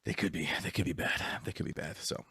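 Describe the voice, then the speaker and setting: A man's voice: sits low, fast talker, creaky, fairly bright tone, breathy edge, no echo, clean studio sound. A man hosting a sports podcast, talking in a laid-back, rambling way. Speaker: podcast host. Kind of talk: casual podcast chat.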